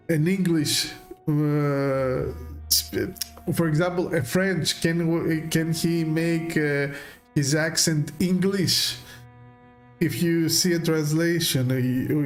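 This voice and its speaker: A man casually commenting while streaming a game, halting with many fillers and restarts and chuckling often. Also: on the high side.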